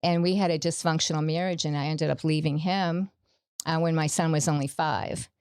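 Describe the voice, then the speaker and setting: A woman's voice: sits low, fairly even intonation, moderate pace, darkish tone, clean tone, no echo, studio quality. A middle-aged woman, a podcast guest, giving a personal faith testimony in an earnest storytelling way, acting out the quoted dialogue.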